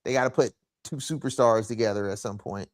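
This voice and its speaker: A man co-hosting a casual wrestling watch-along, chiming in with quick, expressive remarks. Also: fairly low pitch. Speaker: wrestling show co-host.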